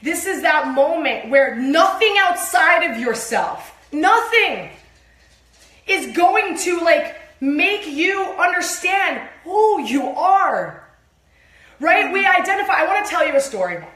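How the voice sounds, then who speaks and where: A high-voiced woman co-hosts a livestreamed spiritual sermon, preaching in a casual yet emphatic way. She's animated, swearing and acting out exclamations, though her pace is slow and the sound reverberant.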